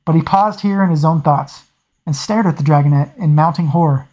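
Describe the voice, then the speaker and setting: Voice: mid-range voice, a little fast, darkish tone, dull audio. A hobby reader narrating a fantasy novel aloud, often stumbling over words and correcting itself. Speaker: audiobook reader.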